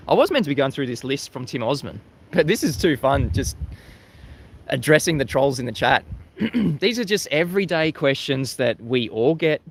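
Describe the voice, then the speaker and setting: Facing the sea at sunrise, a livestream host with an Australian accent talks chattily to his audience and reads their chat messages. His mid-range voice carries a little hiss or hum. He laughs a lot and restarts sentences, repeating words as he goes.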